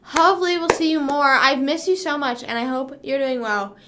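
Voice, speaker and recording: Young woman streamer, bubbly, rambling, says like a lot, a bit high-pitched. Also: normal speed, noisy background. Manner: bubbly, rambling, heavy use of "like", bursts into song. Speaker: livestream host. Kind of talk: casual livestream chat.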